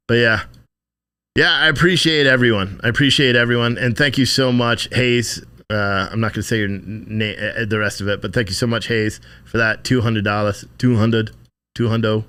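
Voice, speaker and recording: A man's voice: lowish voice, bright, forceful tone, clean tone. Profane, rambling male livestream host. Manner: profane, rambling, thanks donors by name. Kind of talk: casual live-stream chat with viewers.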